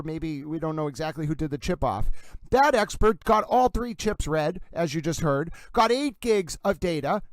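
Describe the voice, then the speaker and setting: A man with a Massachusetts accent hosts a commentary stream and argues each point with insistence. His voice sits high and sounds smooth and clear. The sound is dry and close. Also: no echo. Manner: emphatic, insistent, repeatedly addresses "ladies and gentlemen". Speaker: livestream host.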